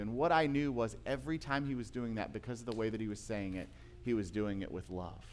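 A male pastor preaching a sermon in a church, moving from emphatic points to quiet, intimate storytelling. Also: medium pitch, a little fast.

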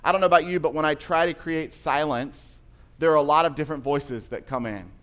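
With a slightly high, fairly bright voice, a pastor moves briskly through a sermon, telling stories conversationally and rising to emphatic passages.

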